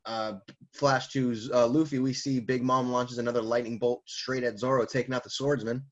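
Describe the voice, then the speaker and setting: On a muffled recording, a man with a medium-pitched voice speaks at normal speed as he reviews manga. He runs through a comic chapter casually, laughing and performing the characters' lines with animation.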